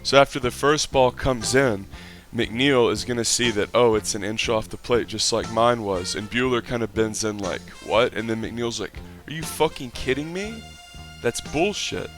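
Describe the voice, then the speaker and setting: A man with a fairly low voice calls a baseball clip like a play-by-play announcer and rants about it. His commentary is salty and exasperated, and he breaks into excited shouts. Faint music plays behind him. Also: normal speed. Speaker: online video commentator. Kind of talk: mock play-by-play commentary and rant.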